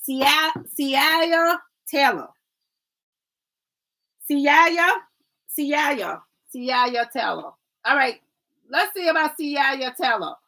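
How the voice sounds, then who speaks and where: A woman's voice: high voice, animated, slow pace, pushed and bright, poor audio. A woman doing a casual livestream oracle card reading, chatty and rambling, who often adds "right?", calls viewers "family" and stumbles over names.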